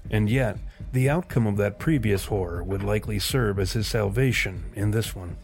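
A man narrating a scripted story in a measured, literary way. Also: on the low side, creaky, music in the background.

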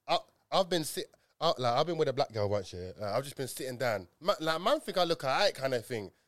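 A young man in casual chat, telling stories in an animated way and full of slang. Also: medium pitch, a little fast, no room sound, studio quality.

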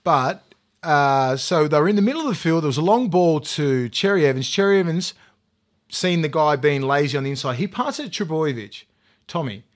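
A man's voice: a little high, expressive, a little fast. A man, a former rugby league player, ranting heatedly and profanely in casual podcast chat with lots of fillers.

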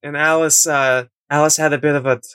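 A man's voice: on the high side, level tone, fairly bright tone, clean tone, no room sound. Hesitant man playing a tabletop game. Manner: hesitant, halting, often restarts. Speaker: player. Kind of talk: tabletop role-play.

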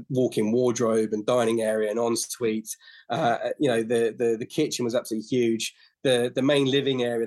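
A man in his fifties or sixties, sitting in as a podcast guest. He tells rambling anecdotes in a casual, conversational way, often stopping to restart a sentence. His voice sits at an ordinary middle pitch for a man. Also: darkish tone. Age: 50s to 60s. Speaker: podcast guest, flooring business owner. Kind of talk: casual interview storytelling.

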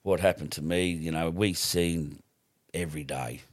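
Australian man, very low voice, dry close sound, swears a lot, rambling storyteller. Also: normal speed, dry recording. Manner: swears freely, rambling with restarts. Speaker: podcast guest. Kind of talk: casual storytelling.

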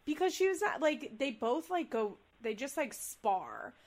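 Animated young woman recapping with gusto. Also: high voice, measured pace. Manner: animated, acts out quotes with big voices and laughs. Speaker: podcast co-host. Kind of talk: casual chat recapping a reality show.

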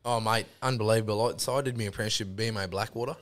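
A man's voice: fairly low pitch, steady tone, rapid-fire. An Australian man, a podcast guest, telling long rambling stories in casual chat, full of swearing and fillers.

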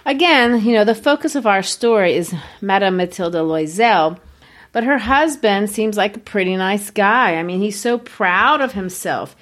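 A woman teaching literature analyzes a story in a conversational, emphatic way. Her voice sits at a middle pitch for a woman. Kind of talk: literature lecture.

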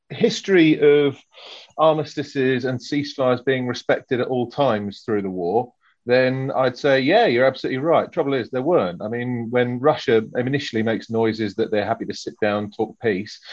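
A man arguing his case in a casual panel debate, animated and chatty. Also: mid-range voice. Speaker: panel guest. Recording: dull lo-fi audio.

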